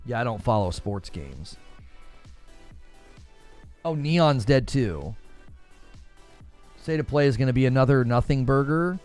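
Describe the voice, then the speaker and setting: Guy doing a gaming news stream, chatty and animated, jumps way up in pitch when he quotes people, faint music under him. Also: unhurried, pauses often. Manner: animated, talks to chat, mimics others in raised voice. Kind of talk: casual live-stream commentary.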